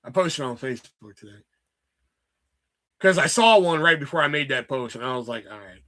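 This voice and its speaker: A man's voice: fairly high pitch, animated, normal speed, pushed and bright. A man streaming live, rambling in a casual, exasperated rant full of swearing. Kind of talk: casual profane livestream rant.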